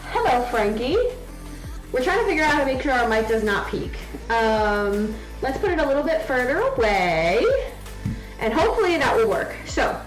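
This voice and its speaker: A young woman chats casually through a game stream, stopping now and then to coo at her baby. Her voice sits a little high, and it echoes in the room. Soft music plays underneath. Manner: chatty, doting baby talk to her daughter. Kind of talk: casual live-stream chat.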